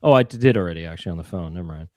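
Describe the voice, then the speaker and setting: A man's voice: deep voice, lively intonation, very fast, a little mellow, dry recording, studio quality. A man co-hosting a casual comedy chat show, playful and prone to silly improvised singing. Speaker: podcast co-host.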